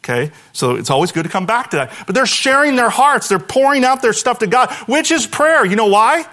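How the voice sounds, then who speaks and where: A man preaching a sermon to his church, animated, dropping to a hushed voice when he voices a prayer. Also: very high-pitched, brisk. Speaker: pastor.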